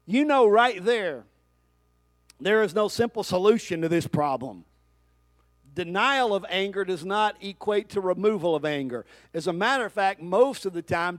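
A man's voice: high voice, no echo. A man preaching a sermon as pastor, talking straight to his congregation and calling for their responses.

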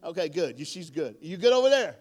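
A man's voice: on the high side, fast talker. A middle-aged man preaching a storytelling sermon to a live congregation, joking and calling out to the audience. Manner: animated, joking, calls out to the audience. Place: church hall with audience.

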